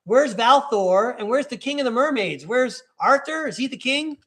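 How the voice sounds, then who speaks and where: A man's voice: extremely high pitch, animated, normal speed, sharp tone. A man hosting a live tarot reading in a casual, upbeat way, encouraging and speaking straight to his listener. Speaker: tarot reader and podcast host.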